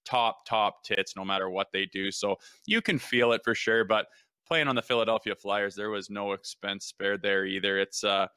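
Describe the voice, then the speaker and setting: A man co-hosting a sports show, a former pro player telling stories in a relaxed, casual way. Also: fairly low pitch, moderate pace, smooth, dry recording, clean studio sound. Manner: laid-back, storytelling, frequent "man" and "hey".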